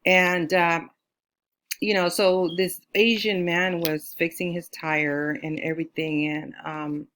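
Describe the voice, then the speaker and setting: Female astrologer from California, lowish voice; rambling casual storyteller who acts out quotes. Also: flat delivery, slow pace, a bit bright. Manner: chatty, with many fillers like "you know"; acts out quoted lines in a higher voice.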